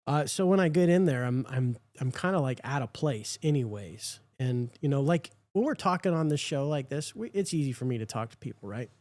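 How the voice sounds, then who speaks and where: A man's voice: mid-range voice, lively intonation, brisk, few pauses, a little mellow, no room sound. A man hosting a podcast in casual chat, telling a rambling, self-deprecating story. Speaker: podcast host.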